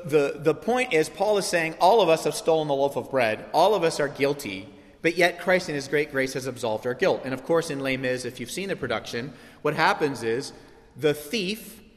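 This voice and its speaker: A man preaching a sermon as pastor, telling stories in an animated, lively way. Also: a little high. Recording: long hall reverb.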